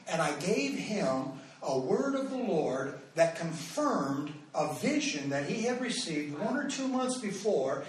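High-voiced preacher in an echoey hall. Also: male voice, slow, slight background noise. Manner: animated, rambling with restarts and fillers. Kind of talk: storytelling sermon. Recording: echoey hall, mic far off.

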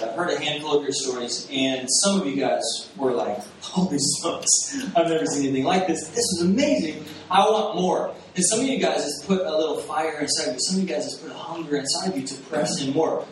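A pastor preaching a sermon in a storytelling way, lively and laughing, acting out his own past reactions. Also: on the high side. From Texas. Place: church sanctuary. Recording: very echoey room, distant mic, faint hiss.

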